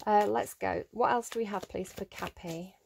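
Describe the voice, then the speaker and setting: A woman's voice: medium pitch, normal speed, creaky, a little hiss or hum. A woman giving a casual solo tarot reading, thinking aloud with many fillers and restarts. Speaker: tarot reader.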